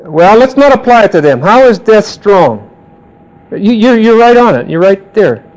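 A man teaching a Bible class, questioning his students and calling on them by name, slowing down to quote verses. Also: high voice, sing-song, a little mellow, rough recording. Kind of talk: interactive Bible class lecture.

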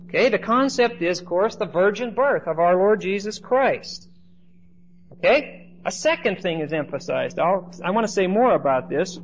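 With a high, animated voice at a moderate pace, this man lectures a Bible class and keeps asking his audience "okay?" to check in. It comes through as a dull lo-fi recording carrying faint noise.

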